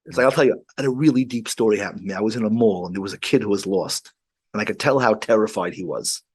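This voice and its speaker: Man, rabbi, fairly low pitch, casual storytelling, halting restarts. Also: breathy edge. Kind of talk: casual chat.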